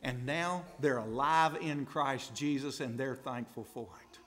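A man preaching a sermon in a folksy, impassioned way, speaking straight to the congregation and swinging from hushed asides to loud climaxes. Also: mid-range voice, unhurried.

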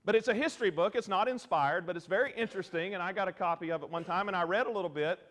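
A man's voice: sits high, rapid-fire, fairly bright tone. A man preaching a sermon as a guest preacher, folksy and chatty, asking the congregation questions. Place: church hall. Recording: roomy church echo.

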